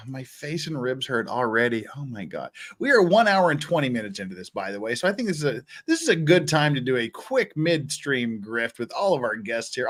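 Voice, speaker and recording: An animated man hosting a casual livestream, his fairly high voice swinging up and down as he jokes. He talks in quick bursts and laughs often. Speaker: livestream host.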